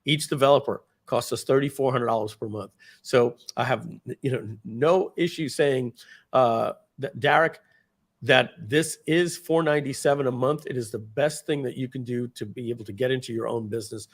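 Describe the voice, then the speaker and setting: A middle-aged man hosting a live stream, pitching his software in casual, rambling talk with many fillers and restarts, now and then acting out quoted dialogue. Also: moderate pace. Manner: animated, acts out quoted dialogue. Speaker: host presenting software.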